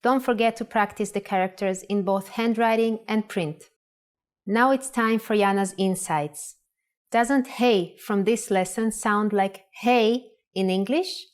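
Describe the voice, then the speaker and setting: In a scripted lesson, a Hebrew language teacher, a woman with a mid-range voice, slowly and clearly spells out the sounds.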